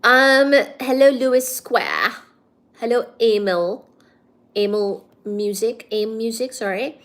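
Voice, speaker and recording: A woman's voice: fairly high pitch, expressive, slow pace, fairly bright tone. A woman hosting a casual livestream, greeting viewers by name in a playful way and singing bits of songs. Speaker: livestream host.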